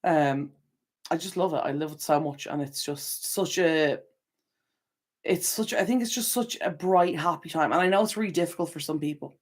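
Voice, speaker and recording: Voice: medium pitch, moderate pace. Young adult stream host, casual and chatty, laughs a lot, corrects themself mid-sentence, mid-range voice. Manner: chatty and rambling, frequent laughter and self-corrections. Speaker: channel host. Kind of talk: casual livestream chat, reading viewer comments.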